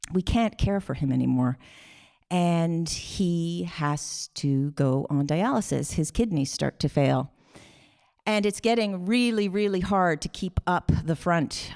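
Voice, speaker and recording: Woman telling a personal story. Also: on the low side. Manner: animated, emotional, acts out voices in quotes. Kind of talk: live storytelling on stage.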